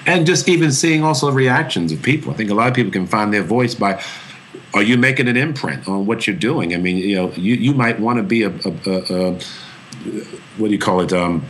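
A man with a low-pitched voice answering interview questions in a reflective, earnest way. He circles back and restarts phrases as he thinks. The talk is unhurried and sincere. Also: animated, fairly bright tone, a little hiss or hum. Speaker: actor talking about his voice.

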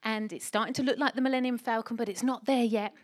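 A middle-aged woman preaching a sermon in an emphatic, animated way, asking the church rhetorical questions. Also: on the high side, fast.

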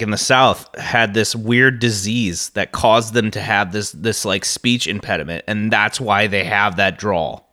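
A man's voice: on the low side, pushed and bright. A man from the Midwest co-hosting a podcast, chatting casually and ranting with heavy profanity and frequent laughter. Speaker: podcast co-host.

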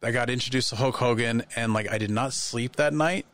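A man in casual podcast chat, telling lively anecdotes and acting out the voices of people in them. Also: medium pitch, fairly quick. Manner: animated anecdotes, acts out quoted voices. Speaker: podcast guest.

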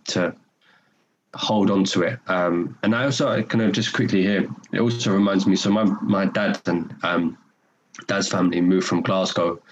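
A man's voice: deep voice, poor audio. A young man with a North London accent, a podcast guest chatting casually in an earnest, rambling way with many repeated words. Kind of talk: casual conversation.

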